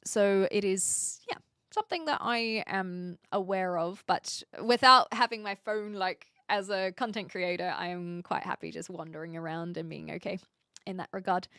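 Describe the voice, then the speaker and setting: A woman's voice: medium pitch, moderate pace, bright, forceful tone, smooth, no echo, studio quality. A woman streamer with a mixed Australian and British accent, chatting casually as she reads out and answers her chat. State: sleepy.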